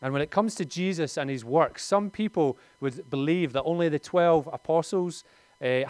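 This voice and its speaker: A man's voice: on the high side, clear, resonant tone, no room sound. A man, preaching a conversational sermon in a lightly humorous tone.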